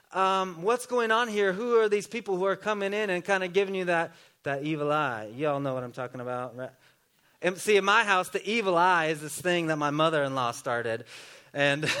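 A man preaching a sermon in a relaxed, conversational way with joking asides. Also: on the high side. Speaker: pastor.

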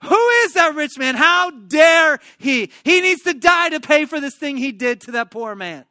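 A man voicing a panicky, guilty young king in a high, loud, frantic voice. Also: fairly even intonation, moderate pace, dry recording, clean studio sound, close to an everyday voice. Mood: outraged.

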